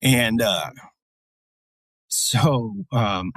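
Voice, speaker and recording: A man's voice: medium pitch, very slow, fairly bright tone, no room sound. A man, a military veteran guest, telling a story casually in a blunt, profane, rambling way with lots of fillers.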